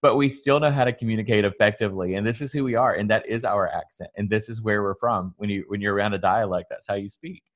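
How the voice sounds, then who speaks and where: A man's voice: on the low side, fast, few pauses. Southern US man, podcast guest, salon owner who speaks on stages; earnest, motivational, loose delivery. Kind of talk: casual podcast interview.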